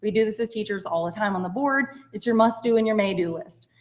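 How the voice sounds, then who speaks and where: A woman leads a casual workshop as a special education teacher. She talks in a chatty, self-deprecating way, often dropping into quick muttered asides. Her voice sits at an ordinary middle pitch. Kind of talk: informal presentation.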